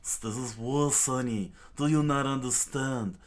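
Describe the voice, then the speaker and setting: A man voicing a ruthless, boastful male pirate captain who makes loud, domineering threats. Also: on the low side, fairly even intonation, unhurried, lightly acted. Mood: commanding.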